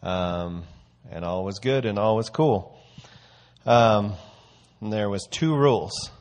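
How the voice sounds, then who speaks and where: Man, lower pitch, easygoing conversational sermon delivery, storyteller. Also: takes it slowly, a little mellow. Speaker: church teacher. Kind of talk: casual sermon.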